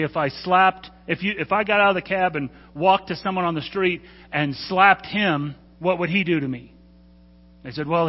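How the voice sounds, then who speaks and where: Earnest preacher in an echoing hall. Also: male voice, a little high. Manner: earnest, urging, stumbles and corrects himself. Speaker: pastor. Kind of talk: sermon. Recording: dull sound with long hall reverb.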